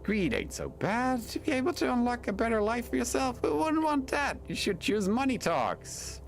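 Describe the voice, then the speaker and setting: A man voicing a smooth, tempting inner voice of greed in a video game, speaking in a coaxing, drawn-out way. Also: very high-pitched, wildly swooping pitch, faint music behind, pitched above the performer's own voice, exaggerated voice.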